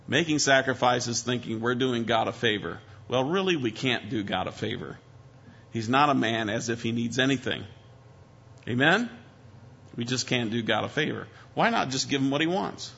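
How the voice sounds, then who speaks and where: A man preaches with a bright, forceful voice. He swings between loud emphasis and hushed asides. The sound is dull and lo-fi. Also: mid-range voice, normal speed, vocal fry, breathy edge. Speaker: pastor. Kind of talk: sermon. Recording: dull lo-fi recording.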